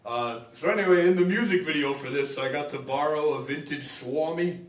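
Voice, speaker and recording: A man from Minnesota chats between songs in a library hall, easygoing and self-mocking, with plenty of "uh"s. His slightly high voice comes from a distance in a roomy, reverberant space, with accordion music faintly around it. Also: fairly quick. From Minnesota, USA. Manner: rambling, joking, with filler hesitations. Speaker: musician and performer. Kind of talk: chatty stage patter between songs. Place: live concert in a library hall.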